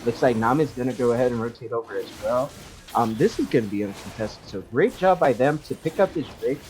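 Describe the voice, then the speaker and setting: A play-by-play caster giving live esports commentary, excitable and self-deprecating, with a lingering cough from being under the weather. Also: mid-range voice, fairly quick, a little hiss or hum.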